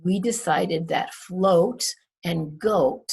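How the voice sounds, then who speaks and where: A woman teaching an English class who says example words slowly and twice, drawing out each vowel sound. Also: on the low side, gravelly, darkish tone, husky. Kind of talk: slow, careful classroom review.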